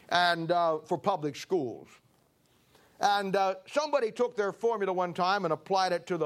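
A high-pitched man preaching with folksy emphasis. He talks as a pastor to his congregation, pushing his points in rising bursts. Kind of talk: sermon.

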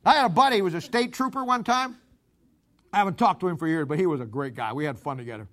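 A high-voiced man delivers a folksy, joking sermon. He tells stories with animated swings between loud bursts and quiet asides, and laughs at his own punchlines. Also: fast. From Missouri, USA. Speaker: pastor.

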